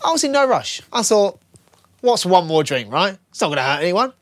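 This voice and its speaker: Young guy on radio, slightly high voice, dry close sound, acts out every bit of his story. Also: fairly quick, no echo. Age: 20s. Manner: animated storyteller acting out dialogue. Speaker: radio co-host. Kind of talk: casual radio chat, anecdote.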